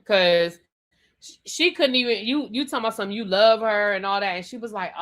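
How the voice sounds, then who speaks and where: A woman with a medium-pitched, fairly bright voice talks briskly as she hosts a live show. She reviews a reality TV episode in a chatty, sassy rant, reading viewer comments and repeating her points.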